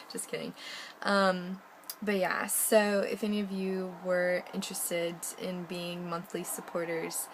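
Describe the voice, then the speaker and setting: A woman's voice: on the low side, creaky, background noise. A young American woman chatting casually in a video diary, rambling with lots of ums and little laughs. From United States. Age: young adult. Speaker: vlogger.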